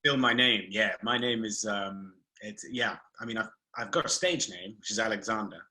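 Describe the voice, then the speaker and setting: A man's voice: lowish voice, normal speed, bright, forceful tone, rough recording. A man hosting a casual live video call chat, laughing often, chatty and playful.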